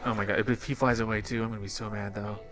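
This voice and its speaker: A man hosting a reaction channel and playing a mobile game, his commentary swinging between muttered frustration and loud yelps. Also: on the low side, flat delivery, racing, music in the background. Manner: dramatic swings from muttering to yelling. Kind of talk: excitable gameplay commentary.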